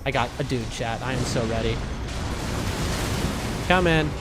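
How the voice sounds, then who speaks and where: A man's voice: medium pitch, unhurried, heavy background noise. Chatty man streaming a game. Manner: rambling, chatty storytelling with frequent laughs and restarts. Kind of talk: casual live-stream gameplay commentary.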